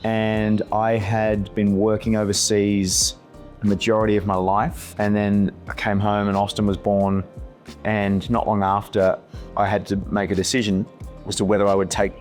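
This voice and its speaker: Man in his forties, low-pitched, earnest, unhurried, faint music behind; reflective actor guest. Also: little pitch movement. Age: 40s. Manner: slow, earnest, repeats words when searching. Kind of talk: reflective podcast conversation.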